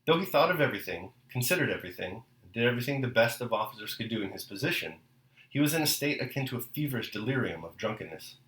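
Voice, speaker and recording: A man hosting a daily podcast, reading a novel aloud in a measured way and then reflecting on it. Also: medium pitch, animated, fairly bright tone, reverberant, low-quality recording.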